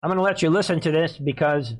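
A man hosting a political commentary show, talking emphatically, repeating himself and often clearing his throat. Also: fairly high pitch, fast, rough recording. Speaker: host.

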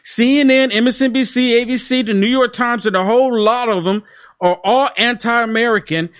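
A man's voice: extremely high pitch, fairly even intonation, moderate pace, a bit bright. A man co-hosting a casual political chat, emphatic and peppering his talk with "dude". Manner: emphatic, keeps saying dude. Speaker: podcast co-host.

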